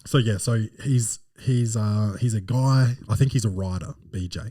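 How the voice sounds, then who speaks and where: Man, podcast host, low voice, mellow tone, profane rambling rant. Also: normal speed, no echo, clean studio sound, distant mic. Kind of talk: casual podcast chat and movie review.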